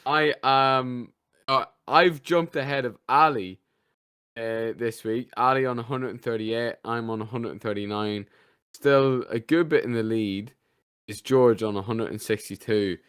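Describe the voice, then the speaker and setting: Smooth-voiced Irish man reporting fantasy scores. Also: medium pitch, fairly bright tone, no echo, studio quality. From Ireland. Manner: halting, repeats words while reporting scores. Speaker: podcast co-host. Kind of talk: casual football chat.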